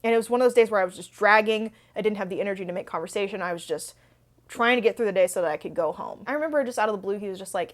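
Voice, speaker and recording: A young adult woman who hosts a book channel tells stories in a casual Q&A, speaking fast in a mid-range voice. She's chatty and rambling, with lots of fillers.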